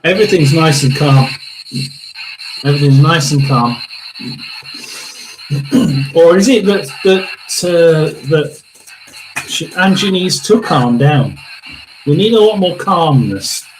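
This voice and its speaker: Slow, lively-pitched man hosting a spirit session. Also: music in the background, rough recording. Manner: halting, repeats words, often clears throat. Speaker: tarot reader and spirit box host. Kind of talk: live-stream tarot and spirit box session.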